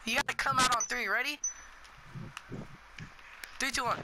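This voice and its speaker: A teenage boy gaming over party chat, excitable and trash-talking. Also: very high-pitched, moderate pace. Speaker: gamer. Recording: noisy console party chat.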